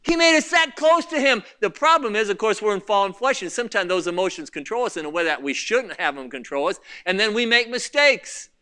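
A man preaching a sermon as pastor, impassioned, swinging between loud outbursts and quiet asides. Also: high voice, lively intonation, fairly quick, hardly any pauses, smooth.

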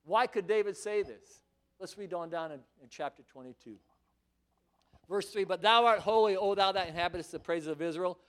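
A man preaching a sermon in church, reading scripture aloud and swinging between hushed, intimate passages and loud, fervent declarations. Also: sits high, normal speed.

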